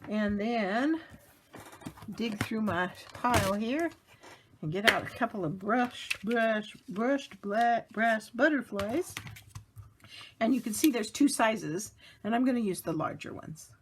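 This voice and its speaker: Chatty woman demonstrating crafts, lively pitch. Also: takes it slowly, noisy background. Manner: chatty, narrates each step, frequent little laughs. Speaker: card-making demonstrator. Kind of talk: casual craft tutorial narration.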